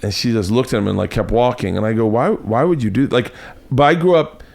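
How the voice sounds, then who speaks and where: A man from Florida hosting a podcast, telling stories in casual chat and breaking into loud put-on voices. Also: medium pitch, brisk, creaky. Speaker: podcast host. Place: home studio.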